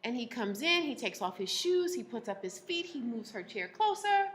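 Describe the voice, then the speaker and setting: A woman relationship coach speaking to a live audience, animated, laughing often and acting out the people she quotes. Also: on the high side, normal speed, a little hiss or hum.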